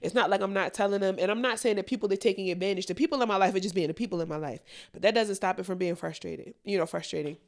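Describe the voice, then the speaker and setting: A young adult woman co-hosts a podcast, chatting candidly and casually with blunt talk and plenty of profanity. Her medium-pitched voice races along with hardly any pauses.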